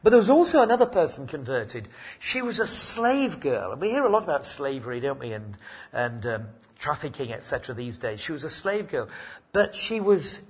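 A man's voice: a little high, slightly rough. An older man preaching a sermon in a chatty, anecdotal way, full of asides and self-corrections.

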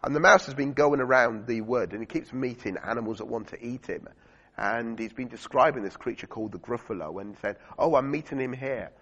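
Male preacher, chatty sermon voice, gravelly and husky, dull lo-fi recording. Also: medium pitch, brisk, a bit bright. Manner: chatty, uses fillers and asks the congregation questions. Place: church. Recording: dull lo-fi recording in a reverberant church hall.

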